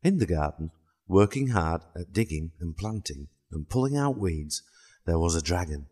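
A man narrating a children's storybook in a calm, even way. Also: sits low, normal speed, husky.

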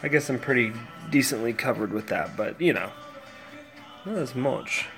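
A man's voice: medium pitch, expressive, moderate pace, over music. A tired man hosting a casual solo podcast from home, rambling and easily distracted. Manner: rambling, distracted, talks to his cats. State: tired, yawning. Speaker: podcast host.

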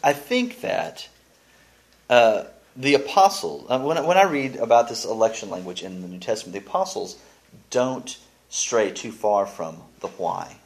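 Male Bible teacher, casual and animated, lively swinging pitch. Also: moderate pace, vocal fry, a little hiss or hum. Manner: animated, restarts often, reads scripture aloud.

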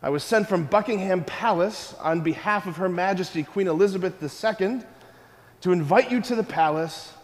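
A man's voice: high-pitched, normal speed, lightly acted. Polite British messenger, male, stiff and formal, put on by a man in a hall. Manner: formal, courteous. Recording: long reverb of a hall.

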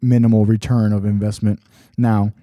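A man talks alone into his podcast mic in a loose, rambling way, circling back and correcting himself as he goes. His voice is very dark and mellow and sits low. The sound is dry and close. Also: little pitch movement, normal speed, no echo. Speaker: podcast host. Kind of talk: casual solo podcast talk.

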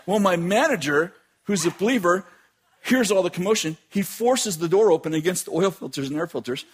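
Animated man telling a dramatic story. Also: sits high, fairly quick, slightly rough. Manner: dramatic, laughing, shouting at climaxes.

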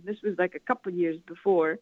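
A woman's voice: on the low side, fairly even intonation, quick pace. A woman from Italy, a guest advising governments, talking in a rambling way with many "you know" fillers. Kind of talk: conversational interview. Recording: tinny phone-like line.

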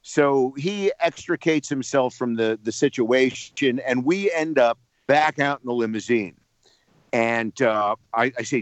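A man from New Jersey, a radio personality calling in to tell a lively anecdote, repeating words as he builds up the story. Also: medium pitch, moderate pace, dry recording, highs cut off.

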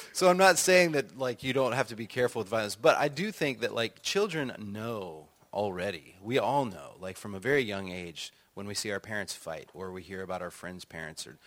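Low-voiced man telling lively stories. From United States. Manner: animated, acts out quotes, laughs often. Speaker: author and songwriter guest. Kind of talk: conversational storytelling.

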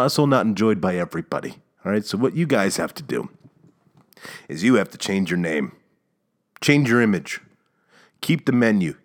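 Deep-voiced rambling podcast man. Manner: sarcastic, rambling, with stammered restarts and mock outrage. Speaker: podcast host. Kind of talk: casual solo rant.

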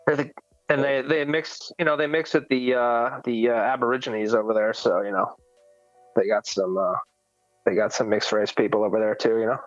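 A man's voice: mid-range voice, fairly even intonation, moderate pace, dry recording, soft background music. A man hosting a podcast in casual chat, laid-back and rambling, full of fillers. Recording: dull lo-fi sound.

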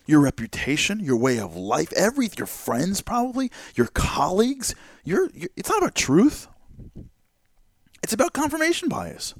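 A man hosting a talk show, giving an animated monologue full of rhetorical questions and repeated words. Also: sits high, normal speed, dry recording, clean studio sound. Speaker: host.

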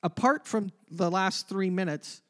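A man preaching a sermon, emphatic, moving between loud passages and hushed ones. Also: sits high, measured pace. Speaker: pastor.

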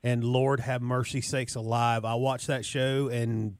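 A man's voice: medium pitch, flat delivery, measured pace, no echo. Brief: folksy mid-voiced male co-host, chatty, dry close mic. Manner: folksy, chatty, laughs along. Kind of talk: casual radio chat.

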